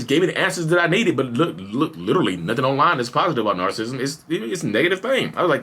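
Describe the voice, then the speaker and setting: A man's voice: mid-range voice, big pitch swings, fast, hardly any pauses, sharp tone, husky. A man in his thirties telling his own story on a podcast in a casual, confessional way, with lots of "you know" fillers. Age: 30s. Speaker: podcast host. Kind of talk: candid personal storytelling.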